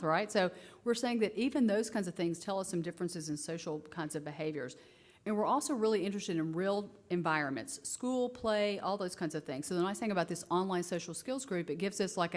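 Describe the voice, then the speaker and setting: A woman presenting research to parents in a casual, conversational conference talk, full of fillers and animated asides. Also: lowish voice. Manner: animated storytelling, acting out quoted kids and herself; casual and conversational, many fillers like "you know" and "like".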